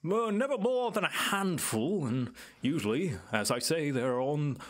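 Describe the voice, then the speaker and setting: A man's voice: on the high side, animated, unhurried, a bit bright, voice pushed up. A man voicing a courteous, well-read male ettercap islander in a tabletop game, speaking in polite, formal phrases. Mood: explanatory. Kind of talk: tabletop role-play character voice.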